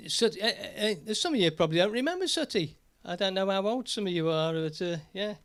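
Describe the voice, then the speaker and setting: A British man hosting a casual live stream, chatty and jokey, slightly hoarse from a cold. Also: high voice, animated, quick pace, fairly bright tone.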